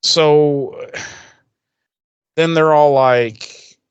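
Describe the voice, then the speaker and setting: A man's voice: fairly high pitch, fairly even intonation, clear, resonant tone, dry recording. Rambling, profane man recapping TV. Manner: rambling, profane, acts out characters in quick voices. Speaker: podcast co-host recapping an episode. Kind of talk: casual chat, retelling scenes.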